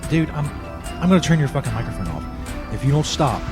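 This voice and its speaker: A man's voice: fairly high pitch, sing-song, fast. A male radio host with a crude, irritable and mock-outraged way of talking, on a comedy show. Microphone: studio microphone. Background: faint music.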